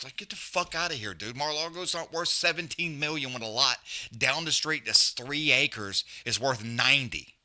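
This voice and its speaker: A man's voice: medium pitch, brisk, bright, forceful tone. A man hosting a live fight stream, ranting bluntly and profanely and repeating himself, then calling the fight. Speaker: fight companion stream host. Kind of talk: profane casual rant and live fight commentary.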